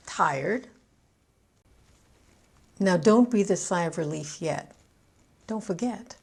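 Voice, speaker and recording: A woman with a Canadian accent coaching English pronunciation, speaking slowly and deliberately, with light laughs and words repeated to model their stress. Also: mid-range voice, creaky, darkish tone, slightly rough. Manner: light laughs between points. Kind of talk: scripted teaching monologue.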